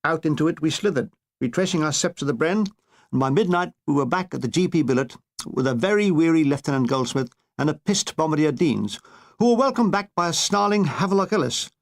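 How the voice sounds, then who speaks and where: A man reading a comic war memoir aloud in a wry, deadpan way. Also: fairly high pitch, brisk. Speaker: narrator.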